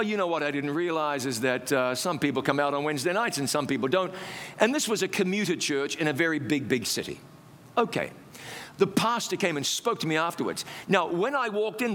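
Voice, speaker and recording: A man preaching, telling his own testimony as a lively, self-mocking story. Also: fairly high pitch, long reverb tail, a little hiss or hum.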